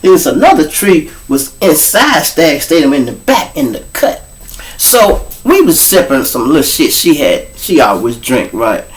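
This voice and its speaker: Animated Chicago man telling stories. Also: a little high, unhurried. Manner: profane, animated, talks straight to the audience. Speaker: show host. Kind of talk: casual storytelling monologue.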